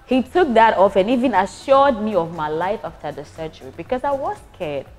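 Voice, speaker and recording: A young Ghanaian woman casually recounting her hospital stay as a patient, animated and prone to restarts. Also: mid-range voice, fairly quick, faint music behind. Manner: animated, acts out voices, frequent restarts. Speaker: patient giving a testimonial. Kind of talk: casual storytelling.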